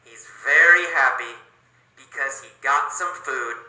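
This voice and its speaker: Male English teacher, slow clear storytelling, bright voice, echoey room. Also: mid-range voice. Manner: slow, clear, expressive reading. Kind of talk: slow storytelling for language learners.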